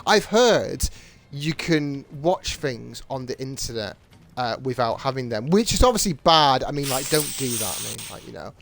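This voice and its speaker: A man's voice: medium pitch, expressive, normal speed, creaky, a bit bright, a little hiss or hum. A man with a British accent chatting casually while gaming, rambling with many fillers and restarts. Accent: British English. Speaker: streamer.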